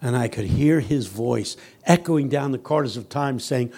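A man preaching a sermon and telling a story, swinging from loud, emphatic lines to soft, hushed ones. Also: mid-range voice, lively intonation, normal speed, husky.

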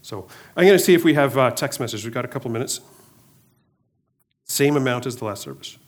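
A man's voice: medium pitch, expressive, a little fast. A middle-aged male pastor giving a casual sermon in a conversational way, often repeating words and restarting, with joking asides.

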